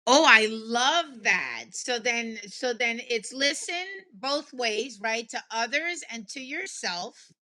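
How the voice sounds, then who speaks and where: A woman's voice: on the high side, lively intonation, slow, hardly any pauses, pushed and bright. A woman hosting a podcast who affirms and sums up her guest's points in conversation. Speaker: podcast host. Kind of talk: conversational interview.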